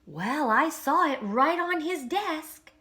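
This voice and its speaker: A woman's voice: high-pitched, animated, takes it slowly, sharp tone, voice pushed up, full character voice. A woman voicing a young boy church mouse in a storybook, in a raised, eager, pleading voice.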